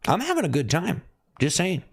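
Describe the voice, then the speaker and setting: A man talking casually on a live stream, thanking viewers by name and asking if he looks upset, with sudden high whoops. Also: huge pitch swings, fairly quick, breathy edge. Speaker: livestreamer.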